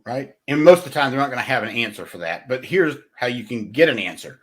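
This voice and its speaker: A man's voice: medium pitch, quick pace. A man talks straight to his listeners in a solo podcast, coaching them on sales. His voice moves up and down a lot as he makes his points. He is blunt and casual, and he keeps asking "right?" to check that people follow. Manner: animated, conversational, asks "right?" often. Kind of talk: solo motivational sales talk.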